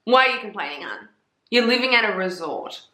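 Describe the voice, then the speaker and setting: In an echoey room, a young woman who reviews books chats casually about them, sassy and animated, swearing freely. Her voice sits at a medium pitch and she talks a little fast.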